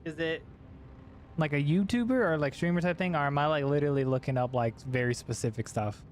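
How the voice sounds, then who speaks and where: A man's voice: on the high side, fairly quick, a little hiss or hum. A young man casually chatting while streaming a video game, rambling, swearing and laughing at himself. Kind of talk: casual gaming chat.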